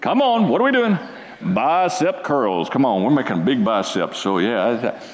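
A man preaching a sermon, reading scripture and calling for responses from the congregation, swinging between loud exhortation and quiet asides. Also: mid-range voice, very animated, measured pace, echoey room, long reverb tail, muffled recording. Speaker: pastor.

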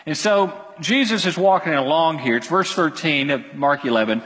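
A man preaching a sermon as pastor, animated and emphatic, with quick asides to his congregation. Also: on the high side, long reverb tail, poor audio.

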